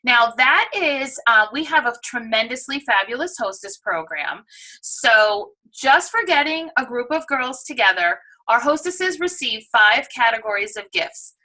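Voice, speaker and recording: A woman with a New York accent giving an enthusiastic, persuasive sales pitch to prospective sellers. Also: very animated, measured pace, bright, forceful tone, rough recording. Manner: enthusiastic, persuasive, acts out shoppers' voices. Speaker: direct sales presenter.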